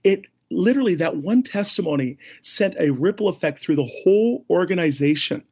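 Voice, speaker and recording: Middle-aged guy guesting on a show, husky kinda high voice, super animated storyteller doing everyone's voices. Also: fairly quick. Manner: animated, acts out quoted voices, laughs often. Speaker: ministry leader, interview guest. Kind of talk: excited storytelling in an interview.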